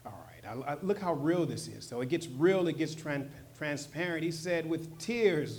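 A man preaching a sermon in a casual, slangy way, swinging from loud, emphatic stretches to soft, low asides. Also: animated, normal speed. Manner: conversational, slangy, with short emphatic repeats. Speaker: pastor.

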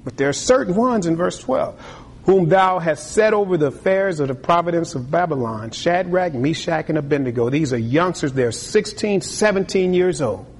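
A man preaching a sermon with a husky voice, lively and acting out other people's voices. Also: a little high, moderate pace. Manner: animated, acts out voices of tempters and the king. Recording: long hall reverb.

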